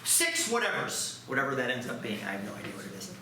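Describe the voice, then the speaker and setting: A man's voice: medium pitch, very animated, quick pace, background noise. A man teaching a math class, joking and poking fun at himself as he works through problems with students. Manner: joking, self-deprecating. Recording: echoey classroom.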